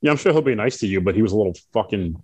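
A man with a New Jersey accent, chatting casually on a podcast, loud and full of profanity. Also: on the low side, lively intonation, racing, noisy background. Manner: profane, boisterous. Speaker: podcast co-host. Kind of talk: casual chat.

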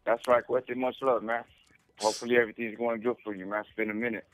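A man's voice: mid-range voice, level tone, fast talker, soft background music. A man calling in from prison, talking in a laid-back, slangy way full of swearing over a phone line. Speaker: caller from prison. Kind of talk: casual phone chat.

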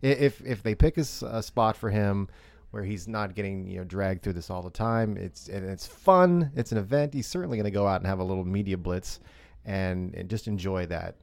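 A man cohosting a podcast, teasing his partner with deadpan jokes. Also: sits low, a little fast, creaky, no room sound. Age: 30s or 40s. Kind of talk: casual podcast chat.

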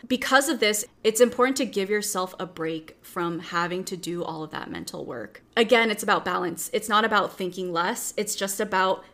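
A young adult woman speaks as a self-empowerment coach, walking through a workbook in a relaxed, personal way. She is reflective and open, with a wry streak of dark humor. Her voice sits at an ordinary middle pitch for a woman. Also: normal speed, hardly any pauses. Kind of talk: casual workbook walk-through.

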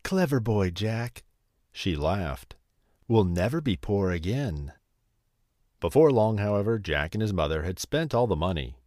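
A man reading a fairy tale aloud as a storyteller, in a slow, lively storybook telling. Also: low voice, dry recording, studio quality.

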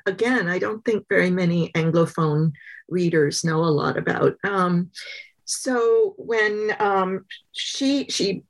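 A woman being interviewed as an author, telling stories thoughtfully, with fillers. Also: on the low side. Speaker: guest author. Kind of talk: interview conversation.

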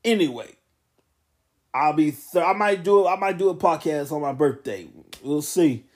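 Young man, late twenties, solo podcast host; loose, rambling delivery, voice sits a bit high. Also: lively intonation, normal speed. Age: 20s. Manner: rambling, loose, self-correcting. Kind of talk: casual solo wrestling podcast.

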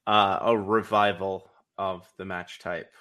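A man with a lowish voice speaks very slowly and haltingly in a casual chat. His tone is bright and edged, with pauses between phrases. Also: level tone. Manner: hesitant, halting with "uh"s.

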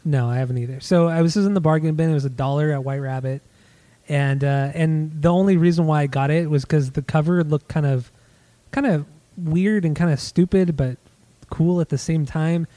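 A podcast co-host with a high-ish, dark-toned voice speaks at a moderate pace, with no echo. He chats casually about vinyl records he bought, easygoing and a little hesitant, swearing now and then.

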